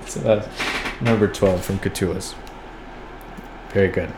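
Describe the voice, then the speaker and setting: A man's voice: sits low, slow pace, heavy background noise. A man casually reading old poems aloud and commenting on them with wry, profane asides, sometimes stopping to spell out words. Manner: reads lines aloud then riffs with wry, profane asides; spells out words letter by letter while looking them up. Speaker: podcast host reading poems.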